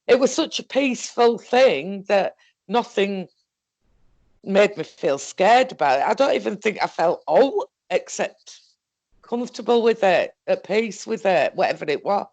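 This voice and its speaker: A woman with a Northern English accent telling a story in a casual, halting, rambling way, swearing often. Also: mid-range voice, lively intonation, a little mellow, dry recording. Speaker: guest recounting an experience.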